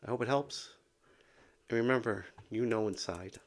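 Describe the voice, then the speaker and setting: A man's voice: mid-range voice, normal speed. A man in his fifties talking casually to camera about his life, rambling and repeating words, sometimes dropping to a whisper. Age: 50s. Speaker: vlogger with Meniere's disease.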